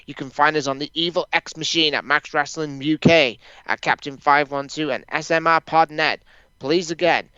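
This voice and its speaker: A man's voice: fairly high pitch, pushed and bright, clean tone, no room sound, dull audio. A man co-hosting a wrestling podcast in loose, casual chat, laughing and swearing freely. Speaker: podcast co-host.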